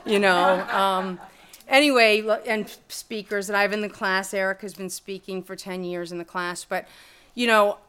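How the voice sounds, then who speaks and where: A middle-aged woman telling her story in an interview, blunt and profane, with lively retellings of conversations. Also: mid-range voice, normal speed. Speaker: guest, music lawyer and teacher. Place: room with a live audience.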